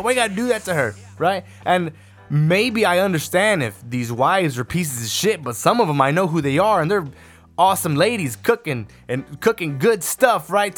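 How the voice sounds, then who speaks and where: A man's voice: high voice, fairly bright tone. Profane ranting podcast man. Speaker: podcast host. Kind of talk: casual solo podcast rant.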